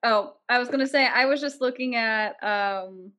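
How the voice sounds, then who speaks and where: A woman's voice: on the high side, moderate pace, pushed and bright. A young woman in casual chat, laid-back and laughing a lot.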